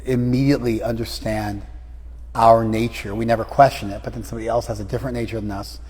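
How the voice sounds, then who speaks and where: A man's voice: medium pitch, steady tone, quick pace, a little mellow, slightly rough, big-room sound. A man leading a scripture class, probing his students with repeated questions. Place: class room, some students joining by phone.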